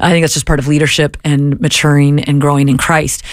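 A woman guest on a faith talk show, telling stories in an animated way and acting out the dialogue she quotes. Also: low-pitched, fairly quick, no echo, clean studio sound.

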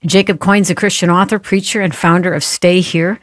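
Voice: mid-range voice, fairly even intonation, fairly quick, no room sound, clean studio sound. The host of a Christian interview show, introducing a guest and affirming him as he speaks. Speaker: podcast host.

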